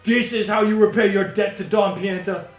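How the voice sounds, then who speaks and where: A man voicing a stern middle-aged male Pianta mafia boss in a gruff, commanding, theatrical way. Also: high voice, fairly even intonation, moderate pace, lightly acted. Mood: angry. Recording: echoey room, music behind.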